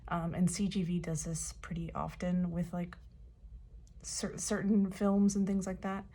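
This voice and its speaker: A woman chatting casually as a fan vlogger, hoarse and losing her voice, with lots of fillers and soft laughs. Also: fairly low pitch, level tone, unhurried. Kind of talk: casual chat.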